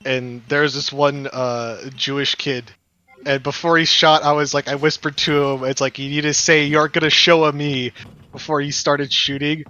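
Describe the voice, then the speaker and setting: A man casually telling anecdotes on a gaming stream, relaxed and amused by his own stories. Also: fairly high pitch, moderate pace, lo-fi sound. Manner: relaxed storyteller, laughs at his own pranks.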